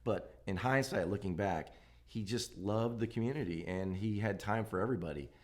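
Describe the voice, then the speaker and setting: A man's voice: on the low side, normal speed. A man plainly reflecting in a documentary interview on childhood errands with a community-minded relative.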